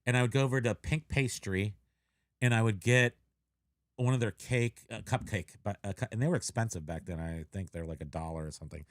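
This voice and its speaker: A man's voice: lowish voice, brisk, dry recording. Rambling middle-aged man, dry close sound. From Menlo Park, California. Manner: rambling, self-mocking storyteller. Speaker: co-host of a reselling live show. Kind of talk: casual live-stream chat.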